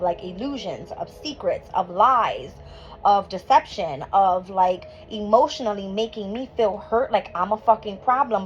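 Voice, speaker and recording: A woman doing a tarot reading for her viewers from a room at home, worked up, hot and sweaty, cursing and laughing as she goes. The recording sounds dull and lo-fi, with music playing clearly behind her. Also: mid-range voice. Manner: emotional, swears and laughs often. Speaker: tarot reader.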